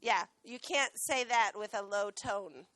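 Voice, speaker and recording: A woman who trains dogs, giving a lively classroom talk and often asking the students questions. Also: mid-range voice, measured pace, no echo. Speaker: dog trainer and veterinary technician. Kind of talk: classroom talk with a live dog demo. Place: school classroom.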